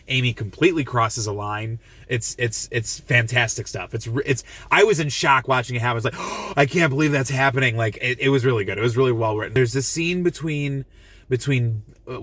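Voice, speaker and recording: A man's voice: medium pitch, a bit bright, dry recording. A man giving a casual, earnest film review to camera, gushing and emotional, often restarting and repeating himself. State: emotional, moved.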